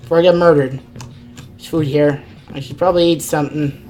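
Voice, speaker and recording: Low-voiced woman streamer thinking aloud. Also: steady tone, a little fast, a little mellow, soft background music. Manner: rambling, thinking aloud, exasperated at the game. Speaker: gaming streamer. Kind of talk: live let's-play commentary.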